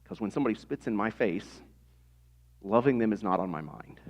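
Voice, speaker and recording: A man's voice: lowish voice, lively intonation, brisk, darkish tone. A man in his thirties preaching a sermon in a conversational way, with rhetorical questions to the congregation. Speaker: pastor.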